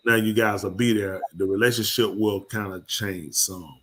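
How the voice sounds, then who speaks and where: A man hosting a call-in show, giving relationship advice and telling animated stories in casual chat. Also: moderate pace, breathy edge. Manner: animated storyteller, jumps high when telling stories. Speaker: podcast host.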